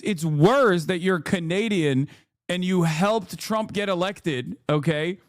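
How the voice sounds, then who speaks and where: A male streamer takes slow, heated shots at politics while reacting to clips, mocking freely, cursing heavily, and leaning on filler words. He has a high voice, and the recording is dry with clean studio quality.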